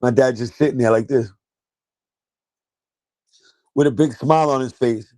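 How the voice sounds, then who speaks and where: A man's voice: medium pitch, a little slow, a little mellow, no room sound. A man from New York hosting a casual livestream from a chair at home, telling a story in a loose, profane way and laughing as he goes. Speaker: sneaker livestream host.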